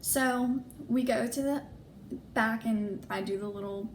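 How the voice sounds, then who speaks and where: With a voice on the high side and a slightly slow delivery, a young adult woman vlogs a casual personal story. She lively acts out people's lines and keeps dropping "like," over slight background noise.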